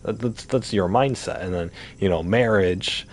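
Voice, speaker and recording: Fairly low-pitched and at normal speed, a man talks casually while gaming, ranting through rhetorical questions and curses. He's a streamer, and the recording has slight hiss or hum.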